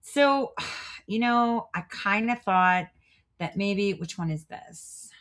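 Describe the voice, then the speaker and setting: A woman's voice: medium pitch, lively intonation, slow pace, a bit bright. A woman hosting a livestream show in a casual, chatty way, often trailing off while she works her screen. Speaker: show host.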